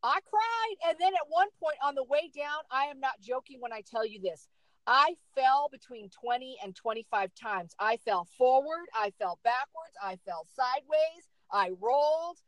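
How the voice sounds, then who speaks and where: A woman's voice: high voice, animated, moderate pace, fairly bright tone, no echo, poor audio. A middle-aged woman telling a dramatic story in casual chat, repeating words for emphasis.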